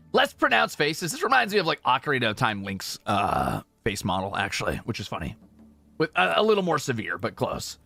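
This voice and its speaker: A man's voice: medium pitch, gravelly, sharp tone, no echo. A man from Europe streaming a game, chatting casually in a jokey, self-correcting way.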